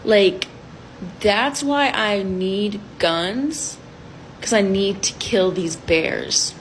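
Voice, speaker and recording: A woman's voice: mid-range voice, drawn-out words, slight background noise, poor audio. A woman playing an eager, dim young male delegate who rambles and halts with fillers.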